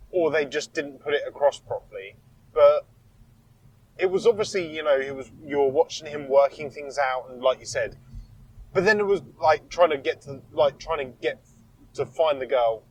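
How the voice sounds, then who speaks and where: A man's voice: fairly high pitch, husky, rough recording. A man co-hosting a casual podcast, rambling through his opinions with restarts. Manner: rambling, restarts, frequent agreement. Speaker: podcast co-host. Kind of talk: casual chat.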